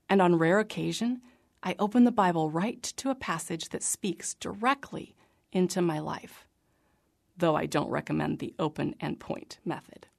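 A woman reading her personal faith memoir aloud in an earnest, reflective manner, sometimes dropping to a soft whisper. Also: lowish voice, creaky. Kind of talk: scripted narration.

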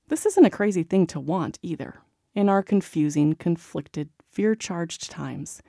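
A woman narrates a magazine article with expressive storytelling. Her voice sits low with a gravelly, creaky edge and a dark, mellow tone. The sound is close and dry. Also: a little slow, dry recording.

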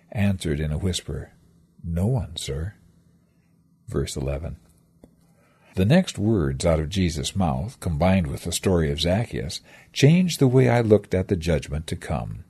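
Deep, husky man narrating a devotional. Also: mellow. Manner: reflective, dramatic storytelling with scripture references. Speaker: devotional speaker.

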